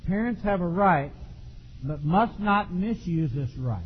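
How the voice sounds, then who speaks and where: A middle-aged man preaching a sermon in a folksy, animated way, with sudden shouts. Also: sits high, measured pace, a little hiss or hum. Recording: dull lo-fi recording in a long-reverb hall.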